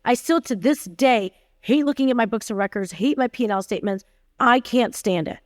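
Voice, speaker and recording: A woman's voice: a little high, a little fast, dry recording. A woman in her forties, a tech company CEO, talking candidly as a podcast guest and acting out the dialogue in her stories. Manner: emphatic, acts out quoted dialogue in her stories. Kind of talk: candid conversational storytelling.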